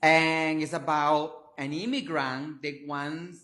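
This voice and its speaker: Energetic male performer, Latin American Spanish accent, slightly high voice, effusive chat. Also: takes it slowly, reverberant. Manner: energetic, effusive, non-native phrasing. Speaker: performance artist, interview guest. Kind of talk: casual interview chat.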